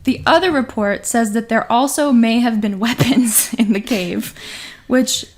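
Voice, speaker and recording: A woman's voice: on the high side, measured pace, slight background noise. A woman co-hosting a casual podcast, retelling an eerie story and laughing often as she talks. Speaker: podcast co-host.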